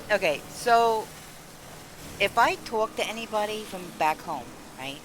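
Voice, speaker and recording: A woman's voice: mid-range voice, measured pace, noisy background. A woman with a New York accent chatting casually while she streams a zombie shooting game. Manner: chatty, animated, lively storytelling. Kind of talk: casual gameplay chat. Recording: loud game gunfire under voice. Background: zombie shooter game sounds and gunfire.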